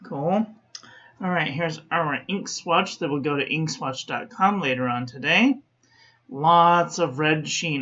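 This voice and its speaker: A woman calmly reviewing fountain pen ink in a chatty vlog, often correcting herself as she talks to her viewers. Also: sits low, slow, highs cut off. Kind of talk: unhurried product review.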